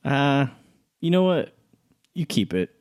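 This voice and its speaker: A man's voice: mid-range voice, sing-song, slow pace, a little mellow, smooth. A man playing a tabletop game character, easygoing and drawling. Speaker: player.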